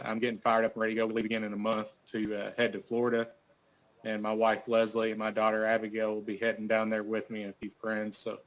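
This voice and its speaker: Young angler guest with an even delivery. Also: male voice, fairly low pitch, rough recording. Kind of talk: casual interview chat.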